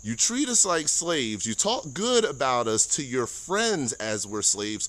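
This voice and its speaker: A man's voice: mid-range voice, sing-song, measured pace, hardly any pauses, fairly bright tone. Earnest American army veteran man. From United States. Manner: earnest, preaching, repeats himself, stumbles on words; standing while talking. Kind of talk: impassioned personal monologue to camera.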